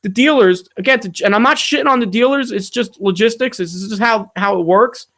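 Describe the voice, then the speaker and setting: High-voiced man ranting on a livestream. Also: brisk, a bit bright. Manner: rambling, profane, ranting. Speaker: channel host answering viewer questions. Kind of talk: casual livestream Q&A. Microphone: streaming setup mic.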